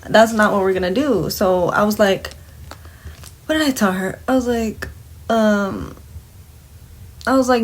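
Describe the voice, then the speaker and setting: A woman's voice: mid-range voice, unhurried, pauses often. A young woman casually telling a work story while doing her makeup, blunt and full of swearing, acting out the dialogue. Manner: blunt, expletive-laden, indignant retelling with quoted dialogue.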